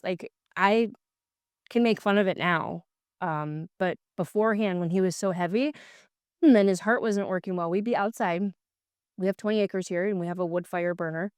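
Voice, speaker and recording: Earnest middle-aged woman, smooth clear voice. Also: mid-range voice, a little mellow, no room sound, clean studio sound. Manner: earnest, emotional. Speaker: co-host, host's wife. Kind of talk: casual video chat.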